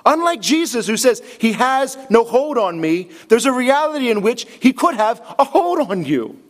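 Man, pastor, earnest sermon, emphatic repeated phrases, high voice, hushed low quotes. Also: big pitch swings, normal speed.

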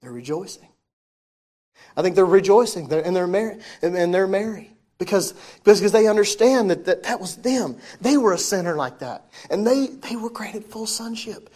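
Preacher, mid-range voice, reads scripture then unpacks it with questions to the room, swings from loud to hushed. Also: mid-range voice, lively intonation, moderate pace. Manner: reads old-style scripture aloud, then explains it with questions to the listeners; shifts often between loud emphasis and soft, hushed delivery. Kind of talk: sermon with scripture reading.

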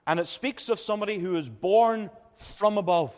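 A man's voice: sits high, moderate pace, few pauses, darkish tone, long reverb tail. A man preaching a sermon as pastor at a young adults' conference, emphatic, repeating key phrases and building up to each point. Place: church.

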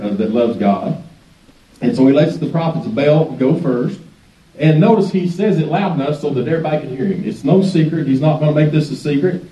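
A man's voice: medium pitch, dark tone. A man preaching as a guest pastor in a church, telling the story in a folksy way and often chuckling. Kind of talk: sermon. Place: church sanctuary. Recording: echoey sanctuary, distant dull mic.

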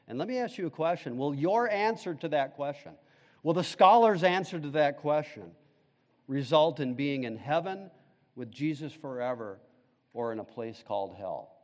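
A man's voice: fairly high pitch, lively intonation, moderate pace, big-room sound. A male pastor preaching a sermon, emphatic, putting questions to the congregation.

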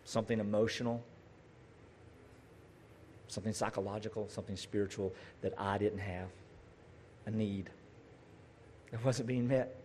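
A man's voice: on the low side, steady tone, normal speed, long pauses, a little mellow, a little hiss or hum. A man preaching a conversational sermon, talking straight to his listeners with asides and rhetorical questions.

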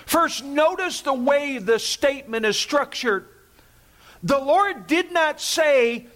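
Slow, high-pitched preaching man. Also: expressive, a bit bright. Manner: emphatic, repeats key phrases; asks congregation to repeat words. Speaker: pastor. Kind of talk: sermon.

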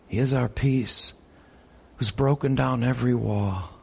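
A man preaching a sermon, moving between urgent raised passages and quiet, hushed ones. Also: mid-range voice, measured pace, vocal fry, slight background noise. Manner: preaching with sharp swings from loud urgent peaks to hushed tones.

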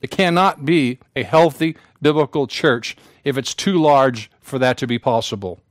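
A man's voice: mid-range voice, normal speed, no echo. A male pastor preaching a sermon to his congregation, with solemn emphasis and repetition. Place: church sanctuary.

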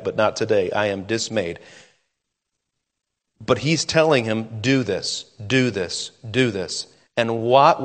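Male preacher, earnest, drops to soft pauses for emphasis; long hall reverb. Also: mid-range voice. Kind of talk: sermon.

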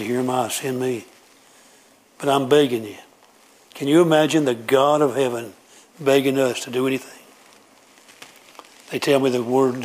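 A man preaching a sermon, emphatic and repetitive as he pleads with his congregation. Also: mid-range voice.

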